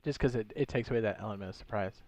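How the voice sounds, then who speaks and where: A man's voice: lowish voice, rapid-fire, background noise. A young man casually chatting on a gaming livestream, thinking aloud as he builds and greets viewers. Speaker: streamer.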